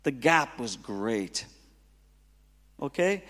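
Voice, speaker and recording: A man's voice: medium pitch, very slow. A man preaching as a guest pastor, telling stories with humor and acting out the dialogue. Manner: animated, humorous, acts out dialogue. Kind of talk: sermon with storytelling. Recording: long reverb of a hall.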